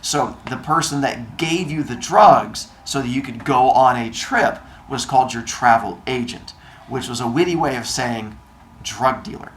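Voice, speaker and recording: A man of middle pitch reads a novel chapter aloud and breaks off now and then to explain things casually. The room sounds roomy, and a faint noise runs underneath. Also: measured pace. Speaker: reader and host.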